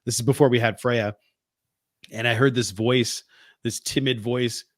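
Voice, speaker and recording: A man's voice: medium pitch, unhurried, pauses often, dry recording. A man co-hosts a podcast in a loose, chatty way, poking fun at himself as he tells stories. He is getting over a cold. His voice sits in an ordinary middle register, and the recording is close and completely dry. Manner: chatty, self-deprecating, animated storytelling. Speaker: podcast co-host. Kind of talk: casual chat.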